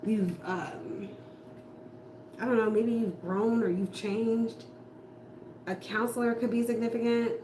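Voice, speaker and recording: With a mid-range, slightly mellow voice, a tarot reader gives a casual, profane rant about what the cards show. She's blunt and fires off rhetorical questions, in a room that echoes with faint noise.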